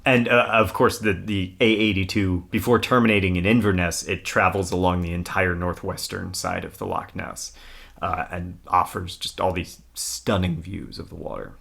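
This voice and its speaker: A man's voice: deep voice, little pitch movement, moderate pace, gravelly, fairly bright tone. A man co-hosting a podcast, telling a history story in casual chat, laughing often and reading old newspaper text aloud. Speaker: podcast co-host.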